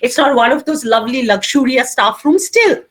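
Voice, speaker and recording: Middle-aged Indian English woman, literature teacher, high voice, animated and emphatic. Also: moderate pace. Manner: animated, emphatic, repeats key phrases for note-taking. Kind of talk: online literature lecture.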